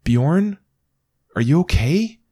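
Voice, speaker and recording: A man's voice: medium pitch, sing-song, moderate pace, a little mellow, husky, no room sound, pitched above the performer's own voice. A man voicing an anxious young woman.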